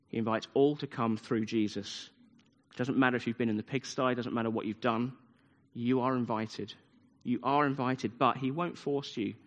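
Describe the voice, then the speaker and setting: A man preaching a sermon, retelling a story with emphatic repetition. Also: medium pitch. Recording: long hall reverb.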